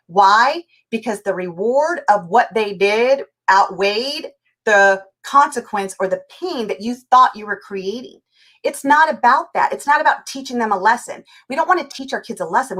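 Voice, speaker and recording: A woman's voice: mid-range voice, fairly bright tone. A woman from California, a life coach and interview guest, talking energetically and acting out little scenes in quoted voices. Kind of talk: animated interview talk.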